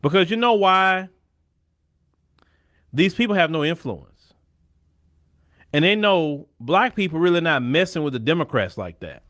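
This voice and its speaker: A man's voice: fairly high pitch, lively intonation, measured pace, long pauses, a bit bright. A man hosting a show of casual political commentary, blunt and opinionated, often restarting his sentences. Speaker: host.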